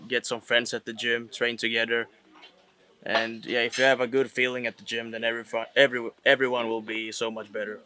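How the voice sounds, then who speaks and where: A man speaking as an offers easygoing advice about the gym. His delivery stays flat, with hardly any melody. His tone is bright and has a forward edge. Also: mid-range voice, a little fast. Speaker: fighter. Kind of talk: casual interview answer. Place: fight gym.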